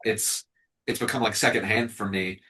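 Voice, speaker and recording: A man hosting a casual chat, speaking in a measured, thoughtful way. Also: on the low side, steady tone, pushed and bright, low-quality recording.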